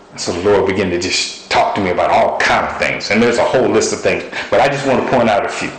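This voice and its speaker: Male preacher, lower voice, animated storyteller, roomy echo. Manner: storytelling, animated with sudden high shouts. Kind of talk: sermon.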